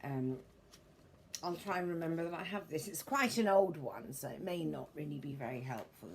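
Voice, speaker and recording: A middle-aged woman vlogger shows off her book collection in rambling, casual show-and-tell, meandering and a little prim, correcting herself and using formal turns of phrase. Her low voice is animated at normal speed, with slight background noise.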